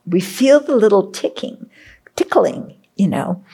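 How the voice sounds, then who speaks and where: A woman's voice: medium pitch, lively intonation, measured pace, dark tone, slightly rough. A Buddhist woman teacher giving a reflective dharma talk, checking in often with her listeners. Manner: reflective, checks in with "okay?", acts out inner voices.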